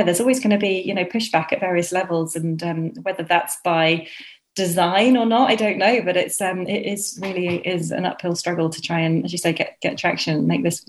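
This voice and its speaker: A woman speaks as a doctor on a podcast, earnest and thoughtful, and she often seeks agreement with tag questions. Her voice sits fairly low for a woman. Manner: reflective, earnest, uses many tag questions. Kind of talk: casual conversational chat.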